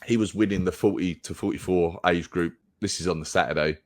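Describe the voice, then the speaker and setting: An English man with a deep voice, chatting casually as a podcast guest, rambling with frequent restarts. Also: fairly quick, dry recording. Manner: relaxed, rambling casual chat with many restarts. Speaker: podcast guest and race commentator.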